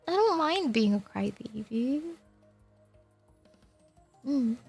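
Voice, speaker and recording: A young woman streaming, chatting softly and emotionally with viewers, laughing often while crying. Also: a little high, creaky, husky. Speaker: VTuber streamer. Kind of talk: casual chat with viewers.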